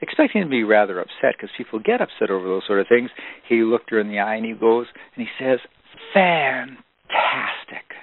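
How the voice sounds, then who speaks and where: A man's voice: lowish voice, animated, fast talker. A man giving a motivational business seminar for audio CD, telling stories with emphasis and frequent restarts. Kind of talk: recorded seminar talk for audio CD. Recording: dry, phone-like narrow band.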